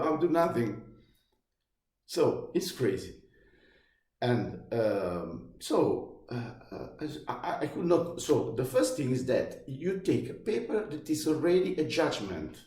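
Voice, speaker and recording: A man's voice: mid-range voice, expressive. Agitated Italian man in his 50s, roomy sound. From Italy. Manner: agitated, halting, many restarts, rising to shouts. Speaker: vlogger. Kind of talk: personal complaint monologue. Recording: roomy echo.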